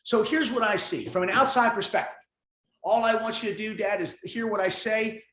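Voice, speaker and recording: A man in his fifties talks as a podcast guest. He is blunt and emphatic, and he delivers tough love without softening it. His voice carries a noticeable room echo. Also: high-pitched, moderate pace. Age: 50s. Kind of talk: casual interview talk.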